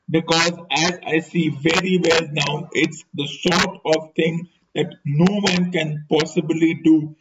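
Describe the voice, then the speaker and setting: A worried, hesitant doctor of about forty who stammers through his words, as a man reading a storybook puts him on. The voice sits a little high and moves slowly. The recording is dull and lo-fi, with a steady hiss behind it. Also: recorded from a distance. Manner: stammering, hopeless.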